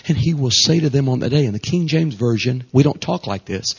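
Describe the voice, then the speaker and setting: A man, a traveling Pentecostal preacher, delivering a revival sermon emphatically, with lots of repetition and a husky voice. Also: mid-range voice, expressive, a little fast, hardly any pauses. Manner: emphatic, repetitive, swings between hushed and raised. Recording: dull lo-fi recording.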